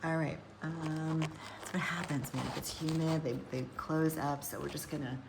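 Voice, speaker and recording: A woman with a very low, gravelly voice rambles chattily to her viewers while tending plants indoors, talking through each step. Steady noise hums underneath her voice throughout. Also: moderate pace. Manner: chatty, rambling, thinks aloud while working. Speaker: hydroponic gardener and nutrition coach. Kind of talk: casual live chat to viewers. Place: indoor grow room.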